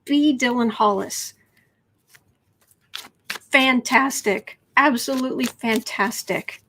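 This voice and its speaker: A woman's voice: fairly high pitch, slow, a bit bright, a little hiss or hum. A woman doing a casual tarot reading on a livestream, chatty and rambling, sometimes dropping into whispered asides. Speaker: tarot reader.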